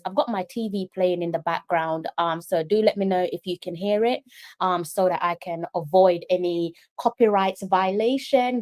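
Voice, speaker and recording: A woman's voice: medium pitch, darkish tone. Chatty woman hosting a football live stream. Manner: chatty, addresses viewers directly; emphatic, repeats herself for stress. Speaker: host.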